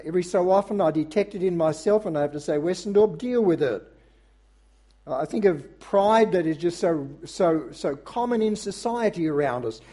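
A man delivering a sermon with a high-pitched voice that stays mellow and soft-edged. He speaks earnestly and at a measured pace, addressing the congregation directly and pausing now and then on small filler sounds. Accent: non-American English. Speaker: pastor.

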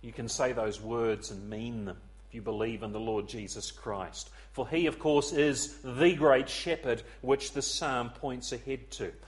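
A man preaching an evening sermon, earnest and pleading, swelling loud and then dropping to a near hush, repeating words as he searches for them. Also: medium pitch, fairly even intonation, unhurried, hardly any pauses.

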